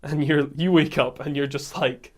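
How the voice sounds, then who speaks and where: Scottish man, podcast host, casual storytelling, slightly high voice, animated. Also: normal speed. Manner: animated storyteller, acts out quotes, laughs often.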